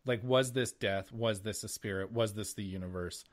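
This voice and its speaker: A man co-hosting a podcast, chatting casually in an animated way, swearing and laughing often. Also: on the low side, moderate pace. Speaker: podcast co-host. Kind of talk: casual chat.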